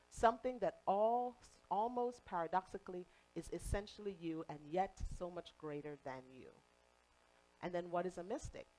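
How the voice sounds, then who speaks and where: Woman, late 30s, from Jamaica, faint accent; conversational speaker at a spiritual center, lower voice. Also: poor audio. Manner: warm, conversational, playful asides. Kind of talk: spiritual talk to a congregation.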